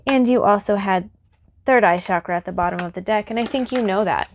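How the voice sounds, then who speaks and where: A woman in the middle of a tarot reading, talking straight to her viewer in an earnest, reassuring voice at an ordinary middle pitch. She sounds close to tears. Faint noise and the soft clicks of shuffled cards sit behind her. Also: fairly quick. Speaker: tarot reader.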